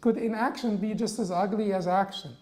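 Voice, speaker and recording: A man giving a religious classroom lecture, halting with frequent restarts and rhetorical questions. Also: sits high, fairly even intonation, darkish tone, reverberant, poor audio.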